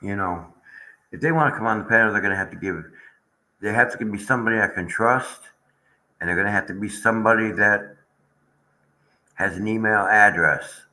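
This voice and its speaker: A man's voice: on the low side, brisk, pauses often, bright, forceful tone, low-quality recording. A man hosting a casual livestream chat, rambling and aggrieved as he talks to viewers in the chat. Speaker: channel host.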